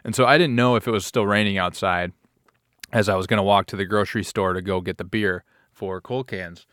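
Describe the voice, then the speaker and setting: A man co-hosting a casual beer-tasting podcast, with dry deadpan humor, recorded in a studio. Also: on the low side, a little fast, no room sound. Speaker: podcast co-host.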